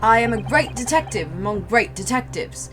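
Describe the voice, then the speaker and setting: A woman voicing a pompous male gentleman detective, grand and theatrical in a stuffy put-on English manner. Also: fairly high pitch, lively intonation, normal speed. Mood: boastful.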